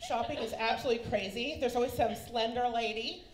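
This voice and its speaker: A woman's voice: a little high, a little fast, noisy background. A woman from Kansas in her forties doing a stand-up comedy set, brassy and teasing, calling the crowd baby and honey. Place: comedy club stage with a laughing audience. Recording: echoey live room with loud crowd laughter.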